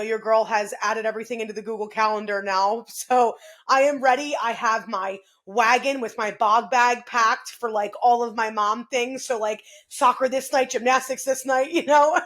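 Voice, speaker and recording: A woman's voice: on the high side, a bit bright. A woman in her thirties co-hosting a podcast, chatting in an upbeat way and laughing often. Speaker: podcast co-host. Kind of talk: casual podcast chat.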